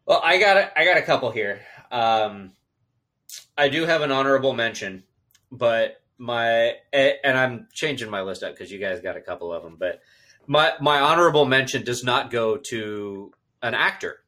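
Male podcast co-host, excitable, bright and animated delivery. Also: normal speed. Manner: excitable, jumps to high squeals of surprise. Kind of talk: casual chat.

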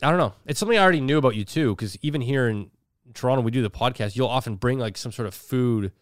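A man's voice: medium pitch, quick pace, no room sound, clean studio sound. Rambling man, jokey podcast chat. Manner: rambling, filler-heavy, jokey. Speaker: podcast co-host.

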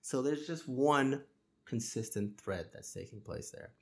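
Animated man telling stories. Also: medium pitch, unhurried, vocal fry. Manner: animated storyteller, retells myths with acted quotes. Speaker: podcast guest, musician. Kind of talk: casual conversation.

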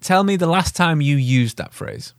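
A man's voice: on the high side, expressive, moderate pace, no room sound, clean studio sound. A man co-hosting a podcast in casual chat, rambling and riffing on jokes, with the odd swear. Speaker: podcast co-host.

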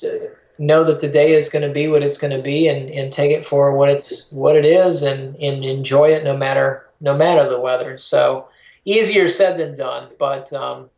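Male co-host, gravelly texture, reflective advice-giving talk, echoey room sound. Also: a little high, darkish tone. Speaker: podcast co-host, ultrarunner. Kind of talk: casual conversation. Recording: roomy echo.

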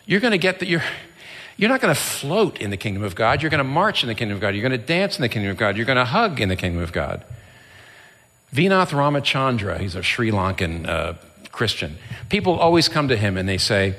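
A man's voice: mid-range voice, sing-song, fairly quick, sharp tone, in a large hall. A man preaching a sermon as a pastor, impassioned and rising to fervent emphasis.

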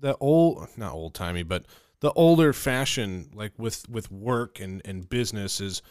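A man's voice: on the low side, animated, unhurried, a little mellow, smooth, dry recording, studio quality. A man on a casual podcast chat, throwing in wry, laughing quips.

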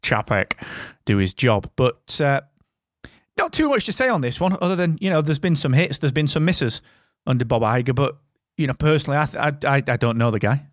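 A man's voice: mid-range voice, big pitch swings, a little fast, no echo. A man hosting a casual podcast, chatty and rambling, with a close, dry sound. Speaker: podcast host. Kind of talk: casual chat.

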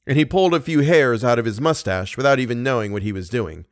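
A man narrating an audiobook in an expressive, steady storytelling manner. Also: medium pitch, fairly quick, hardly any pauses, dry recording, studio quality. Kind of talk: scripted narration.

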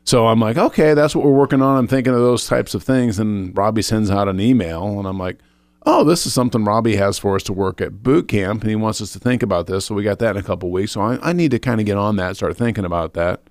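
Speaking quickly in a lowish voice, dry-recorded, the man tells his faith show's audience about a spiritual experience of his own. It's casual talk, but earnest, full of restarts and his thoughts spoken aloud as he had them.

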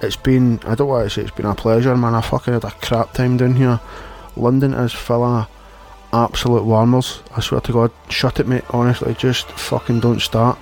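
A man's voice: medium pitch, level tone, normal speed, vocal fry, darkish tone, soft background music. A young Glaswegian man playing a pirate radio DJ, ranting in a sweary, exasperated way. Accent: Glasgow Scottish. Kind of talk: scripted comedy radio show.

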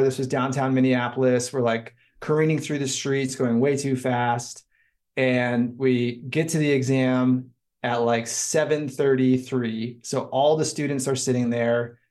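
A young man of middling pitch talks on a podcast in a relaxed, casual way. He tells an embarrassing story about himself with a self-deprecating air.

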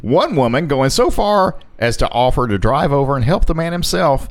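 A man's voice: medium pitch, sing-song, moderate pace. A man co-hosting a casual chat show, reading quirky news stories and joking as he goes. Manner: jokey, laughs often, reads quotes in a mock Australian accent. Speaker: podcast co-host.

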